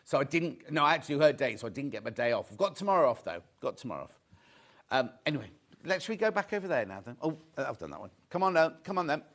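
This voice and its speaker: A man's voice: medium pitch, sing-song, fast talker, a bit bright. Chatty live shopping-show host, man. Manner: chatty, upbeat salesman patter, reads viewer messages. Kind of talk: live sales presentation.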